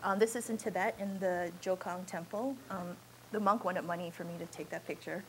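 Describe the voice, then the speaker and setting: A woman's voice: fairly low pitch, fairly even intonation, fairly quick, a bit bright, a little hiss or hum, rough recording. A woman photojournalist giving an informal slideshow talk in a university auditorium, speaking in a candid, conversational and unpolished way.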